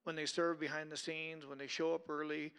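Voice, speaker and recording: A male pastor leading a steady, earnest closing prayer at a church service. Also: a little high, fairly quick, clear, resonant tone.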